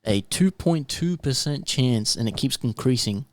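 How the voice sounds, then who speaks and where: A man's voice: mid-range voice, expressive, unhurried, dry recording. A man with an Australian accent hosting a podcast, telling rambling conspiracy stories in casual chat. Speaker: podcast host.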